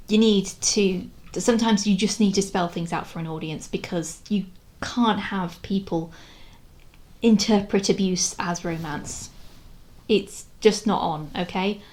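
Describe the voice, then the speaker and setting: A young woman talks straight to camera in a loose, rambling vlog. Her voice sits at an ordinary middle pitch, and she speaks frankly, often restarting her sentences and sounding exasperated. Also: a little mellow. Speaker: video creator reviewing a historical drama. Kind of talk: casual vlog commentary.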